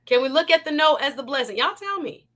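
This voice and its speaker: A woman with a high-pitched, fairly bright voice talks fast and animatedly while hosting a live online talk show. She reads viewer comments, addresses the chat, and encourages her audience in an exuberant, preachy way, laughing often.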